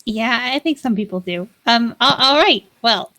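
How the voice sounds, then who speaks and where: A woman's voice: a little high, expressive, normal speed, sharp tone. Woman playing a kind, stammering school official. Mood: concerned. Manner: stammering, repeats words. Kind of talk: tabletop role-play.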